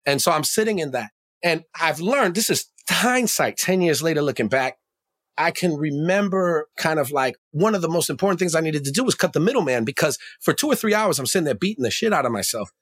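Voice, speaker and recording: This podcast guest, an emcee and educator, has a husky, slightly bright voice that is a little high, and he talks animatedly and briskly. He recounts a personal story in a reflective, slangy way, tossing in "right?" often. The recording is dry.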